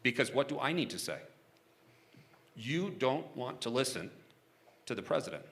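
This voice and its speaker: A man's voice: mid-range voice, big pitch swings, moderate pace, fairly bright tone. A man being interviewed onstage about his work negotiating for hostages, talking casually and frankly, chuckling often and restarting his sentences.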